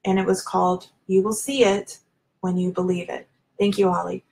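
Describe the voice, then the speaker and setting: A woman's voice: lowish voice, flat delivery, normal speed, gravelly, a little mellow, poor audio. A woman giving a candid, confessional talk to her viewers on a live video, speaking informally and addressing them directly as a spiritual self-help speaker. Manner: informal, many fillers and restarts.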